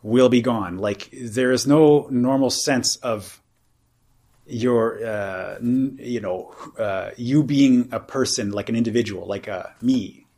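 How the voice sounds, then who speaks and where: A man's voice: mid-range voice, slow, a little mellow. Man giving a rambling, casual meditation talk. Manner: casual and rambling, full of "you know" and "like" fillers. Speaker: meditation teacher. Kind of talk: informal dharma talk at a retreat.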